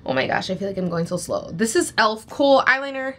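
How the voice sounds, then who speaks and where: A woman's voice: a little high, animated, normal speed, few pauses, a bit bright. Blunt, chatty young woman reviewing makeup. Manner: blunt, chatty, rambling with many "like"s. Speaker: beauty vlogger. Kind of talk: casual product review chat.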